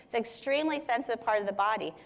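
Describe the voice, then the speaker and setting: A woman's voice: on the high side, very fast. A woman teaching on Scripture in a conversational way, explaining verses with everyday examples. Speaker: Bible teacher. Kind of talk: Bible teaching talk.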